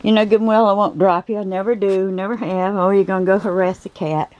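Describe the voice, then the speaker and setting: At home at night, a pet keeper vlogger films with a handheld camera, cooing at and scolding her pets in a sing-song voice before talking to viewers. Her speaking voice is medium pitch, fairly even in intonation, a little fast and darkish. The recording is muffled with no echo.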